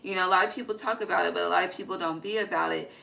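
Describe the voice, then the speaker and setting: A woman's voice: fairly low pitch, fairly even intonation, racing, vocal fry, sharp tone, slight background noise, poor audio. A woman giving a casual, emphatic tarot reading, swearing freely and dropping slangy asides. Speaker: tarot reader. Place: home at night.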